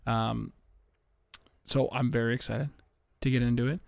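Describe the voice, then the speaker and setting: Low-key, gravelly young man. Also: level tone, a little slow, dry recording, studio quality. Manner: rambling, profane, talking low to keep quiet. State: out of breath. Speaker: podcast host. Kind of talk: casual betting podcast chat. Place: home at night.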